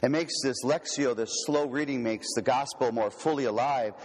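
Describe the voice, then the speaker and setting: A man giving a teaching talk on prayer, gentle and unhurried, slowing and softening on key words. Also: medium pitch, a little hiss or hum. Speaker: retreat speaker. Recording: long hall reverb.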